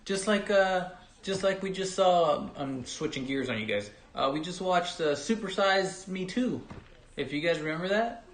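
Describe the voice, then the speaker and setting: A man's voice: sits high, normal speed. Joking man, roomy echo. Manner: joking, animated. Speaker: co-host. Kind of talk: casual couple chat.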